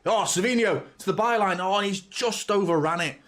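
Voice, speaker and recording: A man's voice: high voice, fairly quick, fairly bright tone. A man hosting a live football watchalong, mixing blunt, sweary fan chatter with play-by-play. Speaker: fan channel host. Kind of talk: live match watchalong commentary.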